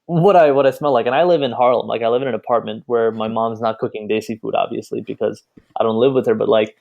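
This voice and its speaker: A young man in his twenties chatting casually on a podcast, telling relaxed stories full of fillers. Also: mid-range voice, fast, gravelly, lo-fi sound. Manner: relaxed, filler-heavy storytelling. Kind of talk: casual chat.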